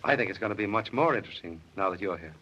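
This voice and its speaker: An actor playing a busy, flirtatious male government official in a 1930s film, talking fast and joking. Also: on the low side, animated, sharp tone, slightly rough, exaggerated voice. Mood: brisk. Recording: dull old 1930s film soundtrack.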